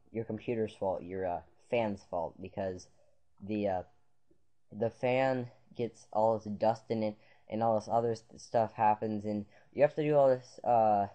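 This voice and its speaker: A man with a lowish, mellow voice rambles through a casual on-screen computer tutorial. He talks into a computer mic, circles back and restarts often, and packs his sentences with fillers. The recording sounds dull and lo-fi. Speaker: tutorial maker.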